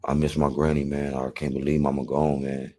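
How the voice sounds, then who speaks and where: A man's voice: a bass voice, monotone, fairly quick. A man from South Central Los Angeles with an LA accent, telling his story in an interview in a slangy, rambling, profane way. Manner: slangy, rambling, profane, acts out voices loudly.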